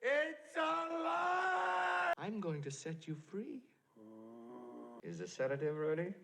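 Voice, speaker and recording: An actor playing an excitable young male doctor in a 1970s comedy film, theatrical, swinging from hushed calm to wild shouting. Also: a little high, unhurried. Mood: triumphant. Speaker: young doctor reviving a creature.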